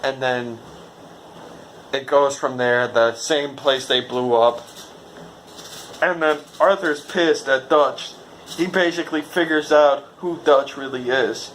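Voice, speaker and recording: Bright-voiced man rambling a game review. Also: medium pitch, unhurried, a little hiss or hum. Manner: rambling, swears, stumbles and corrects himself. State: stuffy nose. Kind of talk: casual unscripted game review.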